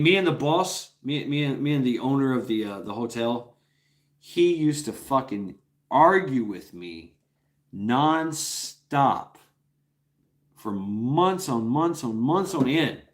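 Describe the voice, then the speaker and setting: A man's voice: mid-range voice, lively intonation, measured pace. A man hosting a casual livestream, telling a rambling, profane story with many restarts and chuckles. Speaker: livestream host.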